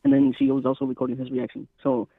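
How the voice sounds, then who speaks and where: Male co-host, gravelly voice, relaxed explainer, thin phone-like recording. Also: extremely high pitch, fast, no echo. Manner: checks if he is understood, laid-back. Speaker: podcast co-host. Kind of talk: casual chat.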